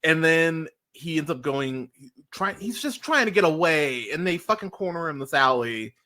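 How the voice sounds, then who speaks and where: A man hosting a casual review podcast, talking animatedly and swearing, his voice jumping up high when he gets worked up. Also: lively intonation, normal speed, pushed and bright. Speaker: podcast host.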